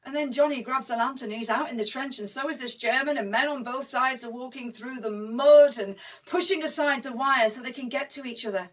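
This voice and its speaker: A woman's voice: high-pitched, a little fast, hardly any pauses, distant mic. A woman with a Northern English accent acting a young First World War nurse who talks in broad dialect, telling her story as a dramatic monologue. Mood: amused. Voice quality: broad dialect speech, vivid and emphatic.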